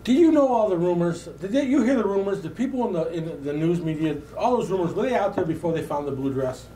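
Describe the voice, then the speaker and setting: A man's voice: high voice, expressive, fast talker, dark tone, slight background noise. Joking man co-host in an echoey room. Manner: joking, ribbing his co-host. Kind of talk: casual talk show banter. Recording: echoey room with faint ambience.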